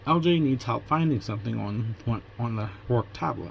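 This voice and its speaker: A man from Pennsylvania, USA, casually vlogs about his day, retelling it through quoted back-and-forth conversations. His medium-pitched voice is creaky and lively in intonation, moving fairly quickly over slight background noise.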